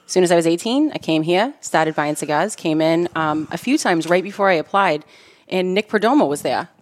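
A woman's voice: on the low side, animated. A young woman with a Boston accent, chatting playfully as a podcast guest. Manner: playful, jokey, quick to laugh. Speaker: guest, smoke shop employee. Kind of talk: casual chat.

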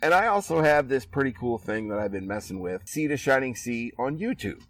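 A man's voice: medium pitch, lively intonation, a little fast, a bit bright, no echo, distant mic, poor audio. Laid-back man hosting a backyard podcast. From Iowa. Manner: laid-back, laughing, chatty. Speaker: podcast host. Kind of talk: casual chat. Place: outdoors in a backyard.

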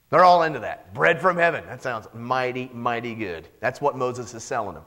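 A male pastor preaching a lively sermon, joking and acting out the people in the Bible story. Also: medium pitch, moderate pace, hardly any pauses. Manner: animated, joking, acts out Bible characters.

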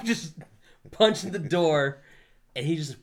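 A man's voice: a little high, animated, normal speed. Boisterous, laughing man telling tales. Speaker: podcast co-host. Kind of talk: casual chat among friends.

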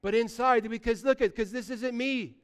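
A man, preaching a sermon, animated, swinging between loud bursts and quiet asides. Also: very high voice, moderate pace, smooth. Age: 60s. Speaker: pastor.

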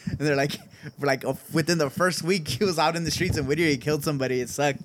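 A man's voice: fairly high pitch, fairly even intonation, quick pace, noisy background. A young man co-hosting a podcast, chatting casually, laughing often and swearing freely. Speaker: podcast co-host. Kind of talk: casual chat.

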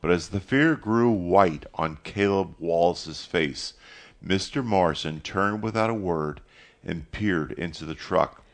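A man narrating a story as an audiobook, measured and steady. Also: sits low.

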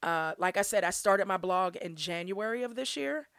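A woman's voice: mid-range voice, animated, moderate pace, a bit bright, clear, resonant tone, no echo, studio quality. A young woman hosting her own podcast, talking earnestly and from the heart, laughing often as she goes. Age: young adult. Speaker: podcast host. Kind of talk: solo podcast monologue.

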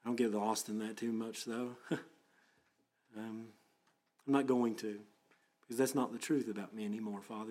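A man preaching a sermon as pastor, earnest and plain-spoken, then praying quietly. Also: on the low side, fairly even intonation, moderate pace, long pauses.

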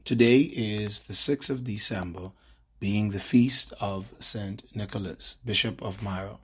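A male priest, leading a morning devotion with prayer, scripture and a measured sermon. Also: on the low side, husky. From Bahamas.

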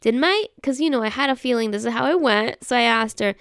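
Chatty woman with a very smooth voice. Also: on the high side, quick pace, a bit bright, dry recording, clean studio sound. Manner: chatty, often checks in with the listener; explains patiently, spelling words out. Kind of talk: casual solo monologue.

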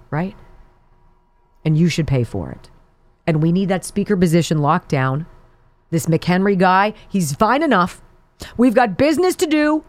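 A woman's voice: sits low, darkish tone. Combative sarcastic woman talk radio host. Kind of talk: political talk radio monologue.

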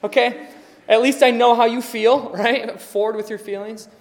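A pastor giving a sermon in a relaxed, conversational way, acting out little everyday scenes as he goes. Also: very high voice, normal speed. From Wisconsin, USA. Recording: long hall reverb.

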